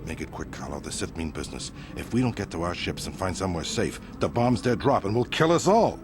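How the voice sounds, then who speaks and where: An actor playing a ruthless crime boss, menacing and sneering, in a video game. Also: male voice, low-pitched, sing-song, a little fast. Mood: urgent. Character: ruthless male crime boss, cornered and angry. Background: game music.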